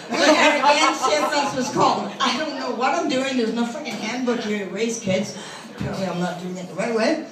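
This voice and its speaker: A woman's voice: a little high, a little fast, far from the mic. A middle-aged woman doing a crude, self-mocking stand-up set, recorded from the audience in a club. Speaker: stand-up comedian. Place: comedy club stage. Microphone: phone recording from the audience. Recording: echoey club from afar, crowd. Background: audience laughter.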